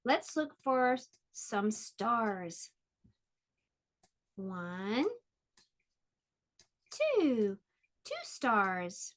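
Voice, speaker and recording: Slow sing-song preschool teacher woman. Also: medium pitch, sing-song, a bit bright. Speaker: pre-K teacher. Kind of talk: online preschool lesson.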